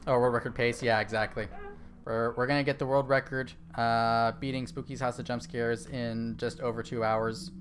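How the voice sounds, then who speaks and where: A man's voice: medium pitch, flat delivery, moderate pace, slight background noise. Rambling, chatty young man streaming a game. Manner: rambling and chatty, many fillers and restarts. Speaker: streamer playing a horror game. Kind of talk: casual gaming stream chat.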